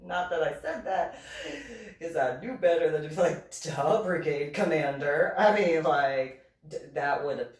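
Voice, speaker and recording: A woman reverend telling funny personal stories in an animated way, laughing and making sound-effect voices. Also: sits low, normal speed, a little hiss or hum. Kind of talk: comedic personal storytelling. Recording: roomy room, distant mic.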